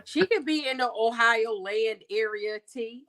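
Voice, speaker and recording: A woman chatting casually with a friend while sewing, telling expressive stories about a trip down south. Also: fairly high pitch, measured pace, a crowd in the background.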